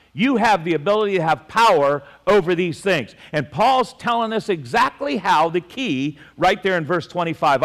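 Guy pastor, high voice, rambly self-mocking sermon story, echoey church hall. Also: a bit bright.

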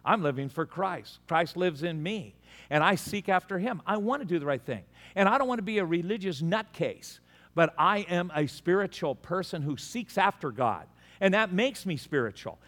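A man preaching a sermon as pastor, telling a story in an animated way and acting out the dialogue. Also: high voice, moderate pace. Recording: long hall reverb.

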